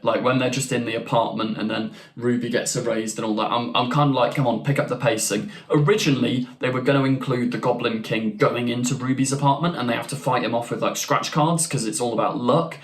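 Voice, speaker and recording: A man's voice: medium pitch, fairly quick, hardly any pauses. A young man hosting a casual ranking video. He talks in a chatty, enthusiastic way, with restarts and asides. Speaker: YouTube channel host. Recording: roomy echo.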